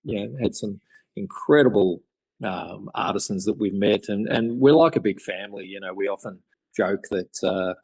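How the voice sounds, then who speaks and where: A man's voice: lowish voice, normal speed, vocal fry, darkish tone, breathy edge, dry recording, poor audio. An Australian man, a craftsman guest on a podcast, telling stories in an enthusiastic, rambling way. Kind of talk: casual interview chat.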